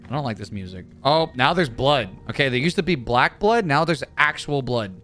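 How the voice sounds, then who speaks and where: A man streaming a video game, reacting out loud with swearing and talking to the characters on screen. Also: mid-range voice, moderate pace, faint music behind. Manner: jumpy and excitable, swears, talks to game characters. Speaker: gaming streamer. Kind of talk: let's play commentary.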